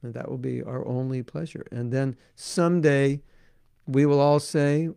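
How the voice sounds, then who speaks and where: A man's voice: mid-range voice, fairly even intonation, measured pace, vocal fry, warm tone, clear, resonant tone, dry recording, studio quality. A man giving a devotional talk as a spiritual teacher, earnest and repetitive, often saying "you know", then taking viewer questions.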